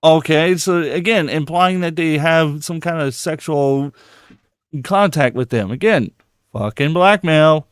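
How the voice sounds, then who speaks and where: A man's voice: a little high, measured pace, clean tone, no room sound, studio quality. Foul-mouthed mocking podcast host, a man. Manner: profane, mocking, reads posts aloud with laughter. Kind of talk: casual live podcast chat.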